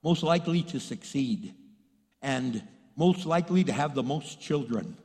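A man preaching a sermon as pastor, telling stories in a lively way with acted-out dialogue and laughs. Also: mid-range voice, a little slow. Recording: long hall reverb.

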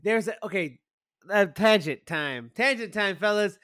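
A man co-hosting a podcast in casual chat, excitable and rambling, swearing often. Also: high voice, a little slow, no room sound. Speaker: podcast co-host.

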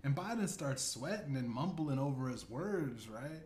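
Animated and speaking at a normal speed, a man hosting a comedy podcast rambles through an absurd, profane story full of "you know what I'm saying." His voice is medium-pitched and a little mellow. The recording has an echoey room, faint ambience, and slight background noise.

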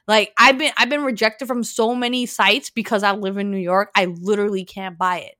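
A woman hosting a casual podcast, animated and talking straight to her listeners about the news. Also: fairly high pitch, brisk, no echo, studio quality. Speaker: podcast host presenting news. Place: lives in New York.

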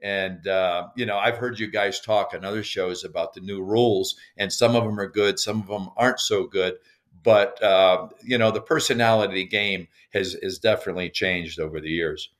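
A man's voice: deep voice, fairly even intonation, normal speed, fairly bright tone. An older man, a baseball coach guesting on a podcast, telling stories in a rambling way with many restarts. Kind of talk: casual interview conversation.

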